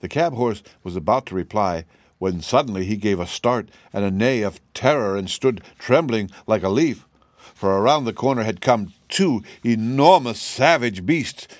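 Storybook narrator: man, lowish voice, dry close sound, steady. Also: moderate pace, no echo. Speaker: audiobook reader. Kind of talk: scripted narration.

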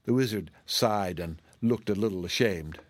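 A man narrating a children's storybook aloud in a steady, expressive reading. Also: on the low side, moderate pace, no echo.

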